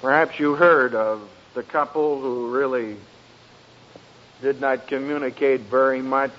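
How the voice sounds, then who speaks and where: A man speaking to an audience as a family counselor, telling stories in a slow, emphatic way with dry humor. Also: mid-range voice, steady tone, fairly bright tone, a little hiss or hum. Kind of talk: speech to an audience. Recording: dull lo-fi recording.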